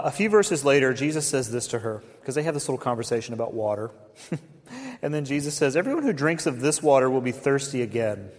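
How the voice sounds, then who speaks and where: A pastor giving a conversational sermon, with folksy asides to the congregation. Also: male voice, medium pitch. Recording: reverberant hall.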